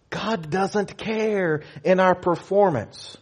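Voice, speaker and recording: A man preaching a conversational sermon, animated, slipping into playful asides. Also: fairly high pitch, a little slow. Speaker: pastor.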